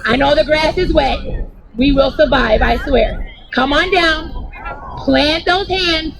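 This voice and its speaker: Slow, deliberate young woman, playful kids' movement coach outdoors. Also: sits high, gravelly, background noise. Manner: playful, cheering, coaching kids through moves. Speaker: children's movement instructor. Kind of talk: energetic movement class for children. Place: outdoors on grass.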